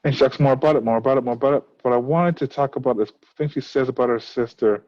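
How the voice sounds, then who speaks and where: A man's voice: mid-range voice, quick pace, darkish tone, dull audio. A male teacher explaining a play to his class, asking many rhetorical questions. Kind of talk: recorded class lesson on a play.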